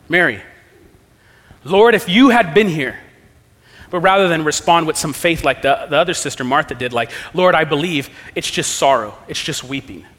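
In a church sanctuary with a hall's long reverb, a male pastor delivers an earnest, emphatic sermon. His voice is a little high with a fairly bright tone, and his volume swells and falls for effect.

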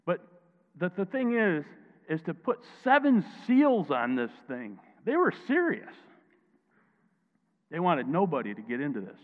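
A man preaching a sermon as pastor, emphatic, dropping quiet and then rising loud, and calling on listeners to answer back. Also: a little high, animated, normal speed. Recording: tinny phone-like sound, long hall echo.

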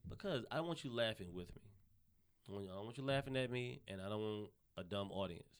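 A male stand-up comedian from Arkansas telling stories in casual podcast chat, profane and animated, slipping into mocking voices for the people he quotes. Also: on the low side.

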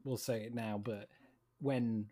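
A man's voice: on the low side, fairly even intonation, takes it slowly, mellow. A young man with a Sheffield Yorkshire accent co-hosting a casual podcast chat, telling stories and laughing often. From Sheffield, England. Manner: chatty, laughs while telling anecdotes. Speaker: podcast co-host. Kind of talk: casual chat about a TV show.

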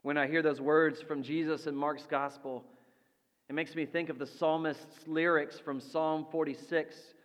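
A man preaching a sermon as pastor, slow and deliberate, letting his voice drop soft for quoted lines. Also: fairly high pitch, level tone. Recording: long reverb of a large hall.

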